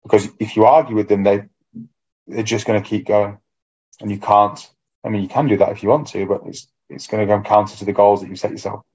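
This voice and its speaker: A man with a lowish voice talks over a dull, lo-fi recording. He chats casually on a podcast as a fitness coach. He is reflective and acts out his own inner voice as he goes. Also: fairly even intonation, a little fast, darkish tone, breathy edge. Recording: dull lo-fi sound.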